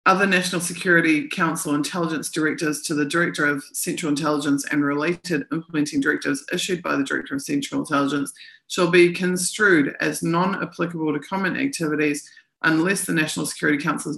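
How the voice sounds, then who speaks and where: Woman, live-stream co-host, reads documents aloud then comments, bright forceful tone, echoey room. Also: low voice, fairly even intonation, fast talker, creaky. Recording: roomy echo.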